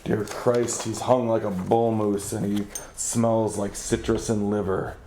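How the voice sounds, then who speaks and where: A man and podcast host giving an overwrought, theatrical comedic story reading, swinging from hushed to frantic and sometimes breaking into laughter. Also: lowish voice, flat delivery, unhurried, slight background noise. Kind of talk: melodramatic comedic first-person story reading.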